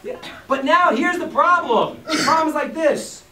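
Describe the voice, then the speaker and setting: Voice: sits high, moderate pace, a crowd in the background. A teacher giving an informal talk to a live audience, acting out quotes and joking with the room. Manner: animated, acts out quotes and jokes with the room. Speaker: teacher of a class. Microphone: distant from the mic. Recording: echoey room, distant mic, faint hiss.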